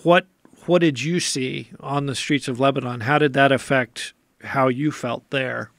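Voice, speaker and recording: A man's voice: medium pitch, fairly even intonation, measured pace, creaky, a bit bright, dry recording. A man hosting a radio show, interviewing a guest in a conversational way and asking open questions.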